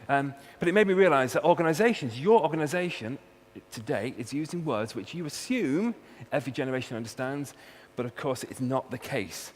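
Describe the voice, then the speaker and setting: A man's voice: medium pitch, brisk. Welsh man, humorous speaker, punchy emphasis, long hall echo. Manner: jokey, punchy emphasis on key words. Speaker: university researcher giving a talk. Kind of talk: humorous conference talk. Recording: long hall reverb, faint hum.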